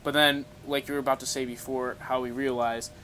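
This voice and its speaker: A man's voice: medium pitch, flat delivery, brisk, bright, forceful tone, slight background noise. A young adult man co-hosting a podcast, talking about films in an easygoing, agreeable way. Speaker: podcast co-host. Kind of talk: casual film-review chat.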